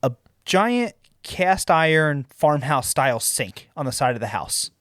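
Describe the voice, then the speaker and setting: Young male podcast co-host, lively storyteller, slightly high voice. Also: unhurried, no room sound, studio quality. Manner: animated, swears, acts out quotes. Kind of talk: casual storytelling chat.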